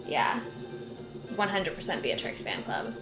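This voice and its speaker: A woman's voice: sits low, expressive, a little slow. A woman streamer giving casual let's play commentary, chatty and gushing, with plenty of "like". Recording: roomy, game music behind.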